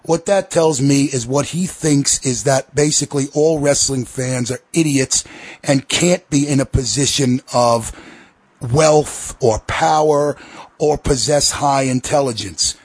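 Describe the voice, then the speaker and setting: A man's voice: mid-range voice, unhurried, a little mellow, husky, no echo. A man hosting a podcast, delivering a profane, sarcastic, heated rant. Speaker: podcast host. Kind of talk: ranting podcast commentary.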